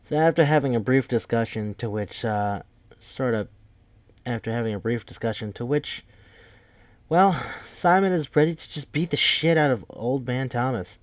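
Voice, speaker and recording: A man's voice: medium pitch, normal speed, no room sound. A man casually recapping a movie, rambling and swearing with lots of fillers. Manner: rambling, profane, full of fillers. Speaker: podcast host.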